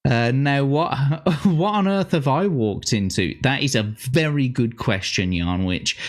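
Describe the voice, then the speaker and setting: A man's voice: medium pitch, lively intonation, unhurried. A man co-hosting a casual livestream chat, laughing often and swearing freely. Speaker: co-host.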